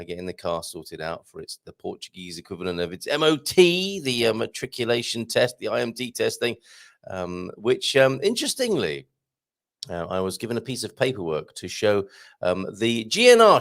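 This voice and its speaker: A hoarse man hosting a live morning show, chatting and joking in a rambling way. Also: medium pitch. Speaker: host. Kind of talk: casual live-stream chat.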